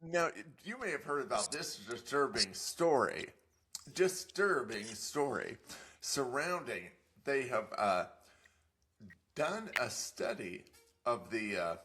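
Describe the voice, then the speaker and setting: A man's voice: mid-range voice, very animated, slow pace, bright, forceful tone. An older man co-hosting a podcast, telling a story in a rambling, hesitant way with lots of fillers. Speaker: podcast co-host. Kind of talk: casual comedic chat.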